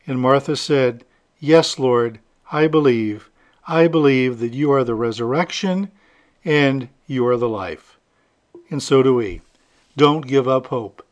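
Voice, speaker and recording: After reading aloud from the gospel, a male priest with a mid-range voice moves into a homily, speaking in an easygoing, conversational way with touches of humor.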